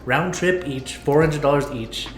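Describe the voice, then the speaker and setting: A man co-hosting a casual podcast, telling stories in a lively way, swearing freely and acting out what others said. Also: a little high, a little slow, reverberant. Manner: animated storyteller, swears freely, acts out quoted voices. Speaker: podcast co-host. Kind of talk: casual chat.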